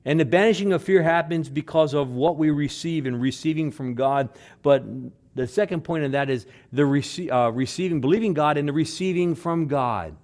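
A man preaching a sermon, repeating phrases for emphasis and swinging between loud stresses and hushed words. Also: fairly high pitch, moderate pace, few pauses. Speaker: pastor.

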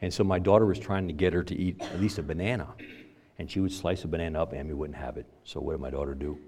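Older man, pastor, low voice, conversational sermon, loud emphasis then quiet asides. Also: fast, slight background noise.

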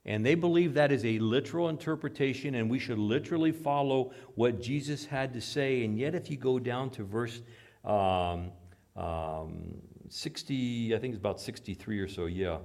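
A pastor preaching a sermon, reading scripture aloud dramatically and dropping into quiet asides, asking the congregation questions. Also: male voice, medium pitch, moderate pace. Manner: dramatic, swings between loud scripture reading and hushed asides.

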